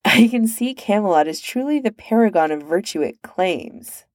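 A woman's voice: mid-range voice, lively intonation, moderate pace, no echo, clean studio sound, natural voice. A woman voicing a prim, bookish young prince. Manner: prim, chiding.

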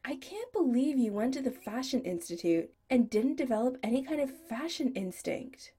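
A woman's voice: high voice, sing-song, normal speed, dark tone, slightly rough, voice pushed up, exaggerated voice. A woman voicing a flamboyant male goth punk shop owner who teases and bosses his friend fondly. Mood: teasing. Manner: fond and bossy teasing.

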